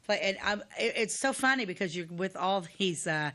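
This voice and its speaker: A woman's voice: medium pitch, animated, moderate pace, pushed and bright. A middle-aged woman co-hosting a podcast, telling a long story in casual chat and rambling through it with restarts. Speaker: podcast co-host.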